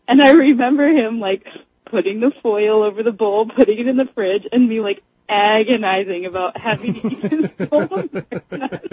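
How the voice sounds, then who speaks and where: Breathy woman on a phone line. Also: fairly high pitch, moderate pace, dry recording. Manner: laughing storyteller, animated. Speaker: caller. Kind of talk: casual chat. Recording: tinny dry phone line.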